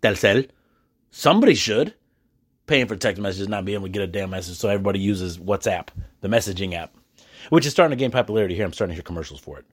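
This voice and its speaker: Husky and fairly low-pitched, a solo podcast host talks from his hushed house at night. He's animated and chatty, restarting often and laughing quickly.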